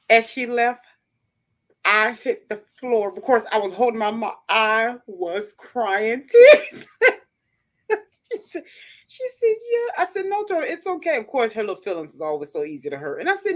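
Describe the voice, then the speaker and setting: A woman hosting a livestream, telling family stories in a casual, animated way and acting out the voices in them. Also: on the high side, measured pace, pauses often. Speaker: livestream host. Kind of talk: casual storytelling chat.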